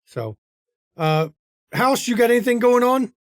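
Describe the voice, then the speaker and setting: A man's voice: very high-pitched, sing-song, measured pace, no echo, clean studio sound. A man hosting a tabletop game stream, chatting casually and earnestly in the outro. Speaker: game master and host.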